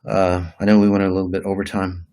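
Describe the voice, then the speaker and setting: A man's voice: low voice, completely flat delivery, fast, mellow, low-quality recording. A man giving a rambling motivational talk as a self-help teacher, with many fillers and restarts, acting out quoted inner voices. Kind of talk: motivational talk to an online audience.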